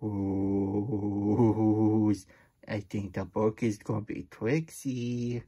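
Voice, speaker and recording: A man's voice: on the low side, level tone, extremely slow, dark tone, husky, dull audio, heavily acted. A man voicing a childlike, curious male hedgehog who reads a children's storybook aloud, using baby-talk grammar and little gasps. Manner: baby-talk grammar, gasping, playful protests. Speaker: storybook reader. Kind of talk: children's read-aloud with character voice.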